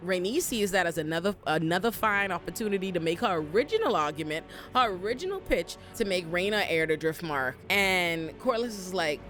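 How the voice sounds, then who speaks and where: A woman's voice: on the low side, fairly quick, few pauses, faint music behind. Sassy, profane woman recapping a show. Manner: animated, sassy and profane, with lots of asides. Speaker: recap host. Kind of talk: casual commentary recap.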